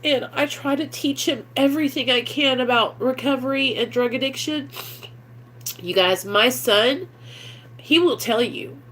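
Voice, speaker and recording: Candid woman with a high voice. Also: a little slow, fairly bright tone. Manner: rambling and earnest, heavy with fillers. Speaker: recovery vlogger. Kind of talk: candid confessional vlog.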